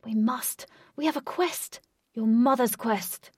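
A woman voicing a gentle young male hero who speaks softly and earnestly in a storybook reading. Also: fairly high pitch, slow, husky, no room sound, clean studio sound, distant mic, voice pushed up.

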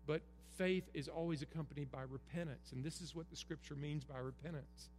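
In a church sanctuary, a middle-aged pastor delivers an earnest Christmas Eve sermon, leaning on emphatic repetition. His voice is a little high, steady and darkish, and he speaks fairly quickly. The recording carries roomy hall reverb and a faint hum.

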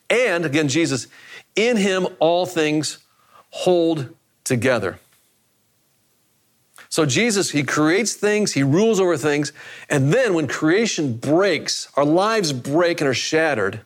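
A man preaching a sermon in a conversational way, often repeating phrases for emphasis. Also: on the high side. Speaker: pastor.

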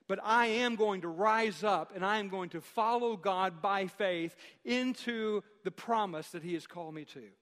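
High-voiced male pastor preaching in a hall. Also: a bit bright. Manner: emphatic, repeats phrases, slows for key lines. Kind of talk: sermon. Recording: long hall reverb.

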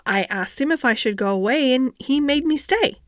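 A woman voices an earnest, determined young girl, pitching above her own voice so it sits high, with lively intonation, a moderate pace and a fairly bright tone. The girl speaks eagerly and insistently, in a dry recording with clean studio sound.

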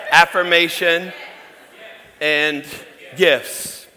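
A man's voice: on the high side, slow pace, sharp tone. A middle-aged man, a pastor, preaching a candid, conversational sermon that speaks directly to the congregation. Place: church hall. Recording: long church-hall reverb.

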